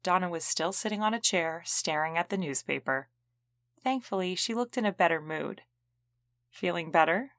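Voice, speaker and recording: A woman reads scripted audiobook narration in an even, clear storytelling manner. Her voice is lowish and her pace moderate, captured in a dry, studio-quality recording.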